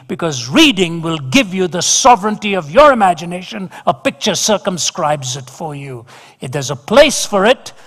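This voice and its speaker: A man preaching a sermon in a large hall, emphatic and repeating words for effect. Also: a little high. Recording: long hall reverb.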